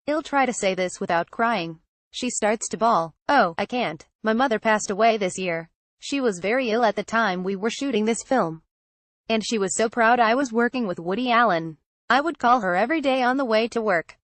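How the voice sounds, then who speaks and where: A woman reading a printed interview aloud as a narrator, in an even, steady manner. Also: fairly high pitch, moderate pace, dry recording. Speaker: article reader.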